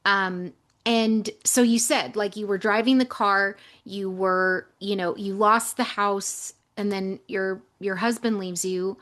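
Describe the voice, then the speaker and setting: A woman hosting a casual interview, asking questions and responding with warm affirmations. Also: mid-range voice, fairly even intonation, slow pace. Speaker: podcast host.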